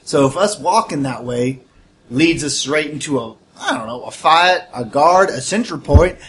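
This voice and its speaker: A man's voice: fairly high pitch, expressive, normal speed, fairly bright tone, slight background noise. A man playing a tabletop game, rambling and joking as he lays out plans. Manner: rambling, joking, lots of fillers. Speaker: player. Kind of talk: casual tabletop game chat.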